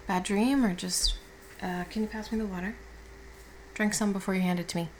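A woman playing a caring girlfriend who has just woken up, speaking softly and reassuringly with casual swearing in an audio role-play. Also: medium pitch, fairly even intonation, fairly quick, slight background noise, close to an everyday voice, low-quality recording. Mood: tender. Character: affectionate young woman, the listener's caring girlfriend.

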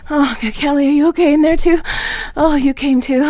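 A woman hosting a guided erotic audio fantasy, talking in a breathy, moaning voice that often drops to a whisper, on a studio microphone. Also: high-pitched, fairly even intonation, fairly quick, dark tone, dry recording. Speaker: host of an adult audio show.

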